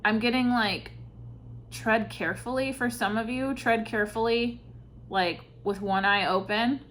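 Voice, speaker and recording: A woman giving an intuitive tarot reading, speaking softly and reflectively, with sighs and pauses between thoughts. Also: a little high, steady tone, slight background noise. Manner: slow, soft-spoken, reflective, with sighs and pauses. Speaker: tarot reader.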